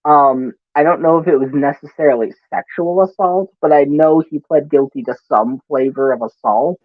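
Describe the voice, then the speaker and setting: A man's voice: a little high, normal speed, narrow, tinny audio. A man from Wisconsin with a Wisconsin accent, ranting in casual, profane chat.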